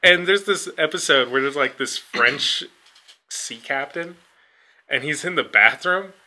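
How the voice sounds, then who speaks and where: A man's voice: a little slow, sharp tone. A man in his mid-twenties co-hosting a podcast in casual chat, rambling and filling his talk with "like". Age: 20s. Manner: rambling, heavy use of "like", mumbles low. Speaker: podcast co-host.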